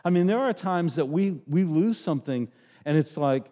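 A middle-aged man preaches a sermon in a loose, joking way and slips into little acted voices. His voice is slightly high yet mellow. Long reverb from the sanctuary hangs on each phrase. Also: lively intonation, moderate pace. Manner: conversational, joking, acts out voices. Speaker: pastor.

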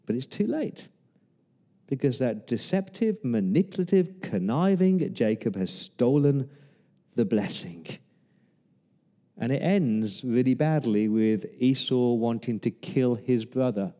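A male pastor delivers a sermon in a mellow, warm voice, retelling Bible stories with humor and acting out the people in them. His words ring out with the long reverb of a church hall. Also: medium pitch, unhurried.

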